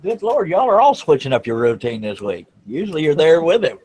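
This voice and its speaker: A man's voice: a little high, very animated, a little fast, a little mellow, slightly rough, no room sound. A man hosting a woodworking panel over a video call, chatty and teasing his guests. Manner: joking, teasing. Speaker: host of a woodworking panel show. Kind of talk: casual chat.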